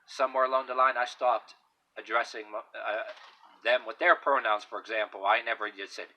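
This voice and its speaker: A man's voice: medium pitch, steady tone, moderate pace, bright, forceful tone, low-quality recording. A man giving his opinions in a casual, rambling monologue, blunt and emphatic, with lots of fillers and restarts. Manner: blunt and emphatic, swearing now and then.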